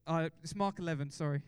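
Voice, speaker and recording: Male pastor, high clear voice, dry close sound; fired-up preacher who keeps quizzing the room. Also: dry recording. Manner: excitable, exhorting congregation with repeated questions. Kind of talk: sermon.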